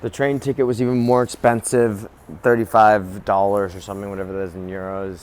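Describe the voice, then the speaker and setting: A man's voice: lowish voice, little pitch movement, a little fast, darkish tone. A young man talking casually and candidly to his camera outdoors, rambling and open about his feelings. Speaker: travel vlogger. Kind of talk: casual vlog talk to camera. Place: outdoors by roads and vehicles. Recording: street and traffic noise. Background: traffic and outdoor city sounds.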